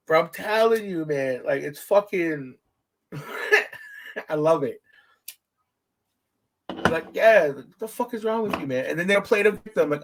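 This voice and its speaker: Animated, high-pitched man telling stories. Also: brisk. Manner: animated, profane storytelling with big pitch swings. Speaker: podcast host. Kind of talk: casual podcast chat.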